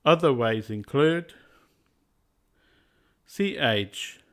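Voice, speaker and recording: A man teaching a scripted pronunciation lesson, speaking in slow, carefully spaced words. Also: medium pitch, expressive.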